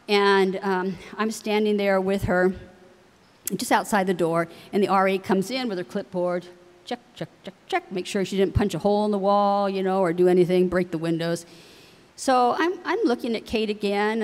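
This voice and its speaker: A middle-aged woman, wife of a university president, telling family stories to parents with frequent laughs. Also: mid-range voice. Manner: warm anecdotal delivery with laughs. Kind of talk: storytelling speech to parents. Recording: long hall reverb.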